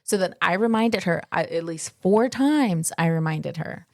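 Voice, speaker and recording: Woman, podcast co-host, lowish voice, dry close sound, chatty storyteller full of fillers. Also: animated, measured pace, a little mellow, no echo. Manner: chatty storytelling, many "like" fillers, acts out quoted lines. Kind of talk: casual chat.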